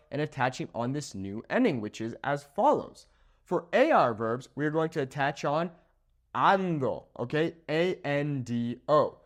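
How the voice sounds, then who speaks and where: Lively, animated man teaching a lesson. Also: fairly high pitch. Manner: animated, checks in with "okay?" often. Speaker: Spanish teacher. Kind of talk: whiteboard grammar lesson. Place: room with a whiteboard.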